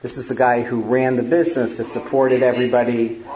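A man's voice: medium pitch, flat delivery, a little fast, dark tone, lo-fi sound. A male family therapist telling a story to an audience in a conversational way, with many fillers.

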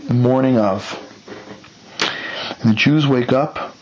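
A man casually retelling a story, bringing the quoted characters to life with changes in pitch and pace. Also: slow, lo-fi sound, slight background noise. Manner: lively, acts out quotes with shifting pitch and pace.

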